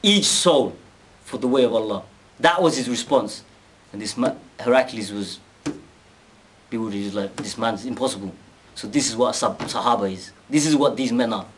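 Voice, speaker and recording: A man casually retelling a story, animated, acting out quoted speech and often restarting his sentences. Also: mid-range voice, moderate pace.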